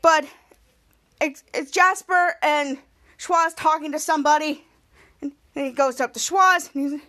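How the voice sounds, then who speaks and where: A woman hosting a podcast, recapping a TV episode in a casual, excitable way, repeating herself and correcting her own words. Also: high voice, unhurried. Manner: excitable, repetitive, frequent self-corrections. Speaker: podcast host.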